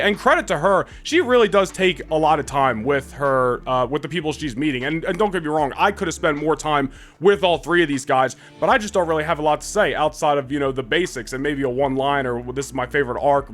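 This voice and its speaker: A man in his twenties telling a rambling, excitable story to camera as a vlogger, full of restarts. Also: on the high side.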